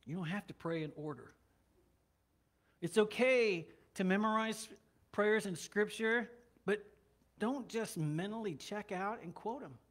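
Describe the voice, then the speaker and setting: Male pastor with a high-pitched voice, conversational sermon with light humor. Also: a little slow. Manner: conversational, joking asides. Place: church.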